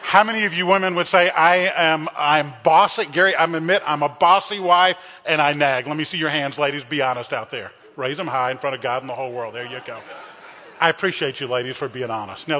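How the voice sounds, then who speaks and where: Male pastor, fairly high and bright, humorous sermon, heard on a dull, slightly muffled church recording. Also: fast talker, in a large hall. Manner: playful, teasing, addresses the congregation directly.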